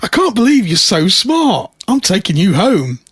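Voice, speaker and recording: A man's voice: high-pitched, big pitch swings, normal speed, a bit bright, slightly rough, no room sound, clean studio sound, heavily acted. A man playing an amazed pet shop customer.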